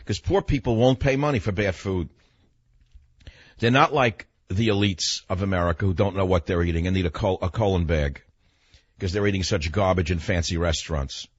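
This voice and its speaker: A man's voice: low-pitched, normal speed, husky, no room sound, muffled recording. An older man from New York hosting a radio talk show, telling a story in a blunt, emphatic monologue.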